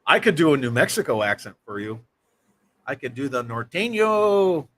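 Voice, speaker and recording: A man's voice: medium pitch, very animated, moderate pace, fairly bright tone, a little hiss or hum. A man hosting a casual livestream, reading viewer comments aloud and joking around. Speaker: livestream host.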